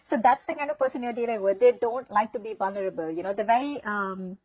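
A woman's voice: mid-range voice, fast talker, slightly rough, no echo, poor audio. A woman giving a casual tarot reading, chatty and filled with "okay?" check-ins. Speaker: tarot reader.

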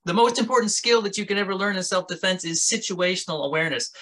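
A man's voice: high-pitched, quick pace, pushed and bright. A man teaching a self-defense workshop in a casual, conversational way. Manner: casual, conversational, talks with his hands. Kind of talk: instructional talk.

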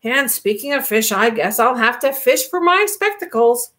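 A woman voicing a kindly, polite old gentleman rabbit in a storybook reading. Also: a little high, animated, moderate pace. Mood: fussy. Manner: polite, mildly fussy, sing-song.

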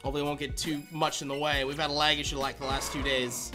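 A man streaming a video game live, chatting loosely with viewers and breaking into high, excited squeals and laughter. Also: quick pace, over music. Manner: rambling chat to viewers with fillers. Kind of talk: live-stream shiny-hunt reaction.

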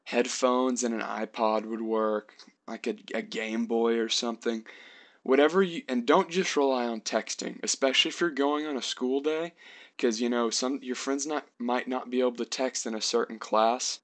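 A man's voice: mid-range voice, steady tone, moderate pace. A young man giving earnest, chatty advice in a casual vlog, often restarting his sentences.

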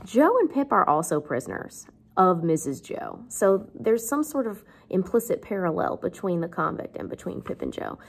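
A woman's voice: medium pitch, big pitch swings, normal speed, few pauses, husky. A woman English teacher explaining a novel in a chatty, wry, conversational way.

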